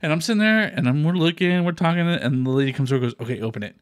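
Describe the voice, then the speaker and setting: Rapid-fire and a little high-pitched, this podcast co-host from Texas spins a story in relaxed conversation. He curses without holding back and imitates the voices he quotes. The sound is dry and studio quality.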